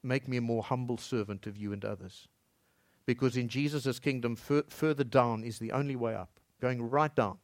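A man preaching a sermon as pastor in a church, swinging between loud emphatic lines and soft low passages. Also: steady tone, moderate pace, no echo.

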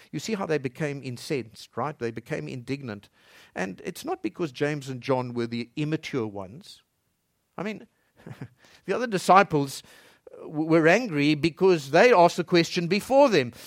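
A man preaching a sermon as pastor in a church, swinging between loud emphatic lines and soft low passages. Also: lively intonation, normal speed, dry recording, clean studio sound.

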